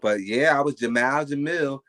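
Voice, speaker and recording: This is a man with a New Jersey accent, talking as a guest on a podcast. He is emphatic and animated, and he swears freely. His voice sits in an ordinary middle pitch. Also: normal speed. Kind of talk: casual chat.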